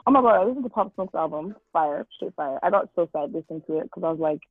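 A woman's voice: low voice, expressive, fast talker, slightly rough, no room sound, narrow, tinny audio. A woman co-hosting a podcast, chatting casually in a rambling, joking way. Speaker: podcast co-host. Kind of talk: casual chat.

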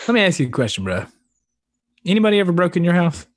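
A man's voice: sits high, very animated, fast talker. A man co-hosting a podcast, teasing his co-host in casual banter, laughing often and swearing freely.

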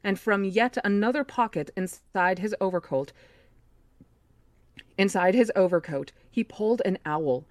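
A woman's voice: medium pitch, a little slow, darkish tone, no room sound. A woman hosting a book club podcast, reading a novel aloud steadily and correcting her own slips. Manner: reads steadily, with slips she corrects herself.

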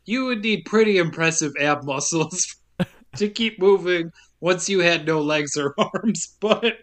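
A man's voice: sits high, unhurried, fairly bright tone. Wry, chuckling man recapping a movie. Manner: wry, laughing while telling the plot. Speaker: podcast co-host recapping a movie. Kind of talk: casual chat, recapping the plot.

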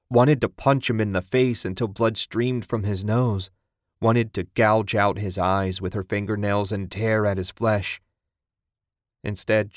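A man reading a dark short story aloud in a grave, measured way. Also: fairly low pitch, no echo, studio quality. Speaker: narrator. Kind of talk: scripted dark story narration.

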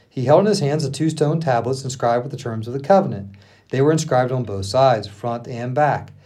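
This is a man reading scripture on a pastors' podcast. His voice is somewhat husky and moves a lot in pitch. He throws himself into the quoted lines, punching some up and dropping others low. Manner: expressive reading, acting out the quotes with laughs between. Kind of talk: reading scripture aloud with asides.

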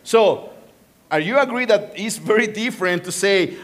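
A man with a Spanish accent preaching a sermon as a pastor, animated and joking with the congregation. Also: high-pitched, normal speed.

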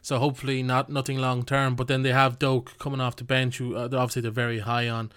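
A man hosting a casual sports podcast, relaxed and jokey as he leads the discussion. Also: medium pitch, fast talker, clean tone. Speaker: podcast host.

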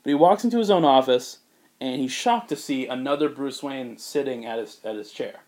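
A man on a podcast telling a story in casual chat, rambling with fillers and putting on quick voices for the characters. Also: medium pitch, a little mellow. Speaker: podcast co-host pitching a movie.

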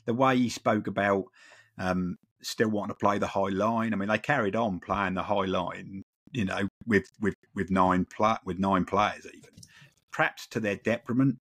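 A man's voice: on the low side, fairly even intonation, moderate pace, a bit bright. A man co-hosting a football podcast, talking in rambling casual chat full of repeats and "you know". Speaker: podcast co-host.

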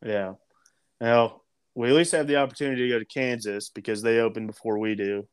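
A man's voice: mid-range voice, fairly even intonation, fairly quick, clear, resonant tone. A man hosting a casual podcast chat, easygoing and asking his guest questions.

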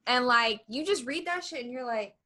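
A woman's voice: on the high side, animated, moderate pace, sharp tone. A young adult woman co-hosting a casual podcast, blunt and playful, chiming in with quips. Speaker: podcast co-host.

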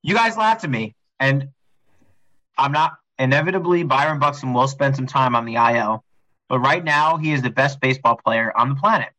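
A young man co-hosting a casual sports podcast, excitable and rambling, with some swearing. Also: mid-range voice, normal speed, rough recording. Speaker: podcast co-host.

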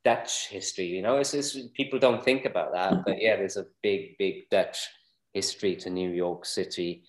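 Low-voiced rambling podcast co-host, roomy sound. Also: male voice, normal speed. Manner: rambling, chuckling, full of fillers. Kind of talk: casual chat.

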